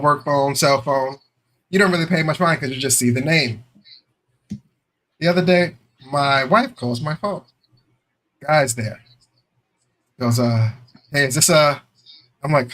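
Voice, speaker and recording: Man, middle-aged, podcast co-host, casual storytelling, bright tone, slightly high pitch. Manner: animated storyteller, acts out voices, swears.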